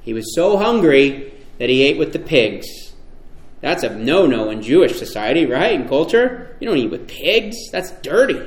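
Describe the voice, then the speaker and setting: A man preaching a sermon, emphatic and animated, often asking his listeners rhetorical questions. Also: mid-range voice, moderate pace, roomy sound.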